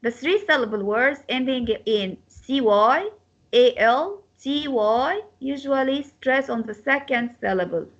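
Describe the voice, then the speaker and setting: A woman teaching an English lesson, repeating words slowly to model their pronunciation. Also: high-pitched, expressive. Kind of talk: classroom lecture. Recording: slightly dull lo-fi sound.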